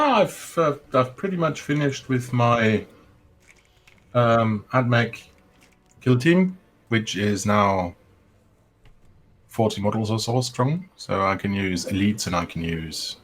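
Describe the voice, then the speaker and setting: A man's voice: medium pitch, very animated, slow, long pauses. A man joining a casual hobby chat as a guest, speaking hesitantly with many ums and restarts.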